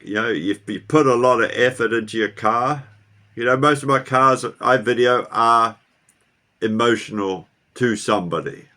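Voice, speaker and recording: A man's voice: medium pitch, normal speed, bright, forceful tone. A middle-aged man vlogging casually, rambling and often asking his viewers questions. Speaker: car vlogger. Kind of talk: casual talk to camera. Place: New Zealand.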